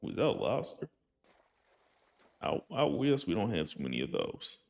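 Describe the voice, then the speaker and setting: A man's voice: on the low side, wildly swooping pitch, normal speed, creaky, darkish tone, soft background music. A young man casually commenting on his gameplay, rambling and joking, sometimes slipping into a put-on folksy accent. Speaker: gaming channel host.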